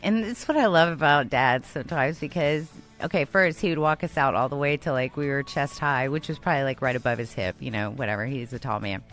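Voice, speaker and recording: A woman's voice: a bass voice, fairly quick, hardly any pauses, faint music behind. A woman co-hosting a casual chat, rambling and laughing often as she tells stories. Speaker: co-host.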